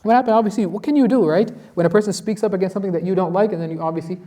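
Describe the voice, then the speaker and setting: A man's voice: high-pitched, rapid-fire, mellow. A man teaching a Quran lesson as an imam, asking his class questions and reciting Arabic verses.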